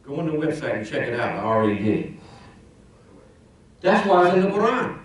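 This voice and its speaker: A man's voice: fairly high pitch, big pitch swings, normal speed, recorded from a distance. A man in his role as imam, giving a Friday sermon in a conversational preaching manner with rhetorical questions, his voice rising and dropping. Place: mosque prayer hall. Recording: very echoey mosque hall, speaker off-mic.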